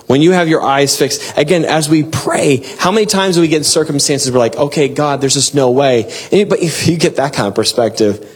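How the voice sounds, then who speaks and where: A man's voice: mid-range voice, slightly rough. Earnest man preaching a sermon. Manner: earnest, exhorting, with bursts of excitement and soft laughs. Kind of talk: devotional sermon with scripture reading.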